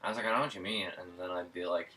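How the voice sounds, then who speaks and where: Low, bright man with a slight slur. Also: rapid-fire, far from the mic, low-quality recording. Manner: slight slur, relaxed drawl. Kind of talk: casual chat.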